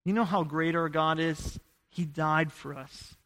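A man from Idaho preaching a sermon, telling a personal story in an earnest voice that rises to loud, urgent bursts. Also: on the high side, fairly even intonation, unhurried, in a large hall.

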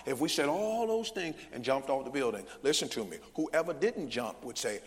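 Male preacher, animated call-and-response delivery, booming church sanctuary reverb. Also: moderate pace, hardly any pauses, slight background noise. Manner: call-and-response preaching, rising to loud bursts. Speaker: pastor. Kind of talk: sermon. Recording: long church hall reverb.

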